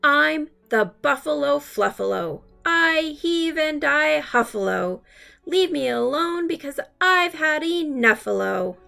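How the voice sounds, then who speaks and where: A woman's voice: a little high, expressive, slow, gravelly, fairly bright tone, faint music behind, heavily acted. A woman reading a storybook, voicing a grumpy, huffy male buffalo with blustery declarations.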